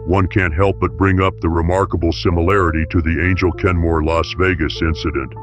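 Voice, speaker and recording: A man reading a scripted documentary narration in a measured, serious tone. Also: low-pitched, flat delivery. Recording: dull lo-fi voice-over with music.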